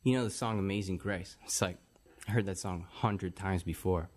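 Low-voiced man preaching scripture. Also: steady tone, a little fast, darkish tone. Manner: earnest, quotes scripture in old wording. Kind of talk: preaching-style faith talk.

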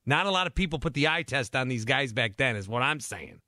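A man hosting a sports talk radio show from a studio, chatty and quick to laugh, often restarting his sentences. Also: medium pitch, lively intonation, pushed and bright, no echo. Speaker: radio host. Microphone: studio microphone.

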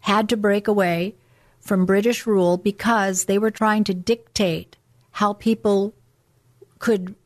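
A middle-aged woman talks earnestly on a religious talk program. She lectures in a preachy way, slowing down for solemn passages. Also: medium pitch, fairly even intonation. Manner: earnest, preachy, reads documents aloud. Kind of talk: religious political talk show.

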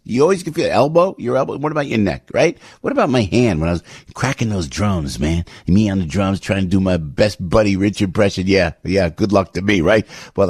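A man's voice: fairly low pitch, no room sound, studio quality. A middle-aged man with a New Jersey accent doing a chatty, emphatic live-read ad as a radio host, rambling with restarts.

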